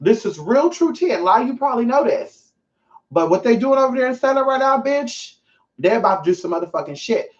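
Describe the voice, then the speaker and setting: A woman's voice: a little high, sing-song, brisk, dull audio. Sassy, profane woman ranting on a livestream. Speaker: spiritual teacher hosting a livestream. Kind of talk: casual livestream rant. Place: at home.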